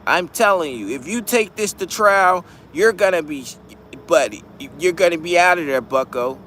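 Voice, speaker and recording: A man putting on a smug, high lawyer voice. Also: animated, normal speed, bright, forceful tone, slight background noise. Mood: pressuring. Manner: condescending, mock-formal "white voice". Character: pushy male lawyer pressuring a defendant.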